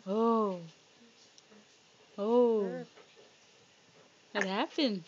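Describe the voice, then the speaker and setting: A woman talking sing-song baby talk to an infant, coaxing and gentle, recorded at home on a phone. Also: mid-range voice, slow, pauses often. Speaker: parent filming a baby. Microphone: phone camera. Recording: dull lo-fi phone video audio.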